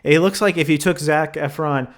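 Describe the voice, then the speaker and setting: A man's voice: fairly high pitch, fairly even intonation, moderate pace. A man co-hosting a casual movie review chat, sarcastic and full of rhetorical questions. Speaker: podcast co-host.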